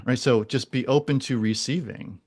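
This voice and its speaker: A man's voice: mid-range voice, measured pace, a little mellow. A man in his forties, a podcast guest talking casually and earnestly, often restarting and repeating words. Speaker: guest, animal communicator.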